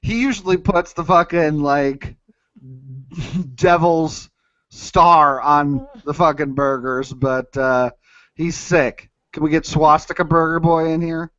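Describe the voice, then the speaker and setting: A man with a fairly high voice trades crude jokes and reads out news items between bursts of laughter. The sound is dull, lo-fi and dry, with no room around it. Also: takes it slowly, fairly bright tone, no room sound. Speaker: podcast co-host. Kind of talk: casual comedic chat.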